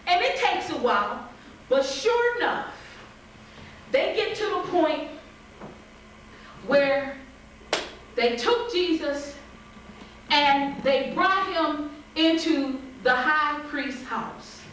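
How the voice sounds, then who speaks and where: High-voiced woman preaching in an echoey hall. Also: takes it slowly, long pauses, recorded from a distance, slight background noise. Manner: lively, acts out voices, laughs often, calls to the congregation. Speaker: pastor. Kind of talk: sermon.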